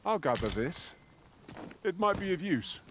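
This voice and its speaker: A high, eager fantasy game companion. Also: male voice, sing-song, unhurried, a little hiss or hum, heavily acted. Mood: dutiful. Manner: old-fashioned polite phrasing, dutiful. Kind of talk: video game voice acting. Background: loud game music.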